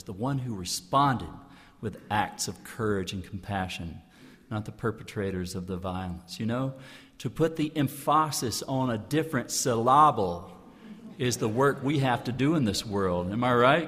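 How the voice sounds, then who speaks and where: Earnest male speaker in a reverberant hall. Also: medium pitch. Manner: earnest, builds with rhetorical repetition. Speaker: clergyman giving a public talk. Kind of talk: inspirational public speech.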